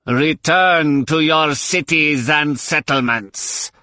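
A man reading an audiobook and voicing a bizarre, heavily accented alien commander who issues slow, menacing ultimatums. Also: fairly high pitch, bright, forceful tone, no room sound, studio quality, voice pushed up.

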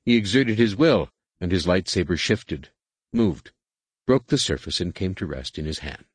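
A man narrating an audiobook in steady, measured scripted narration. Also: low voice, husky, no room sound.

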